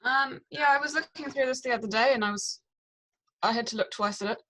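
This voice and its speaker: A woman's voice: on the high side, a little fast, sharp tone, poor audio. Tentative woman student on a call. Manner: tentative, thinks aloud. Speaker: student in an online class.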